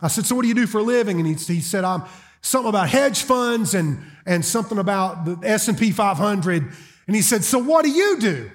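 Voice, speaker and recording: A man's voice: sits high, fairly quick. A middle-aged man from South Carolina with a Southern accent, preaching a sermon as a guest in a church and telling folksy, joking stories. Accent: Southern American. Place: church auditorium.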